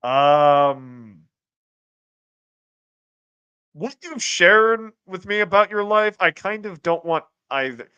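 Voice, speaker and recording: A young American man hosts his own livestream. He talks in loose, rambling bursts, curses casually and banters with viewers, and his voice sits slightly higher than most men's. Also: expressive, takes it slowly, long pauses, bright, forceful tone, clear, resonant tone, dull audio. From United States. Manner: rambling, profane, bantering with chat. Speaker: streamer host.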